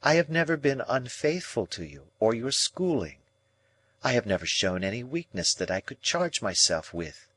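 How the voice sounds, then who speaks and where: A man reading an audiobook, voicing a proud, composed young woman who speaks in a calm, measured way. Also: mid-range voice, husky. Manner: calm, measured, coldly reasoning.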